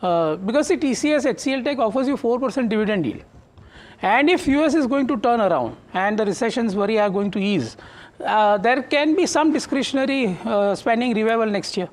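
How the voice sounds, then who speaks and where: A man's voice: extremely high pitch, expressive, brisk. Hesitant Indian man, market guest. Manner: hesitant, many fillers and restarts. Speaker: fund manager guest. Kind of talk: live market TV interview. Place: TV studio.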